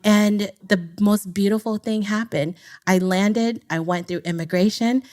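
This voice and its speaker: A woman's voice: medium pitch, fairly even intonation, measured pace, a little mellow. A woman, a podcast guest, telling a personal story in an earnest, candid way about her fears.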